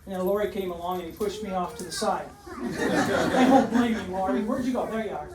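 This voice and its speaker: Speaking a little fast in a high voice over a loud crowd, a man in his seventies, once a teacher and coach, delivers a humorous but moving dedication in a big school gym. The audio echoes, picked up by a distant mic amid background noise.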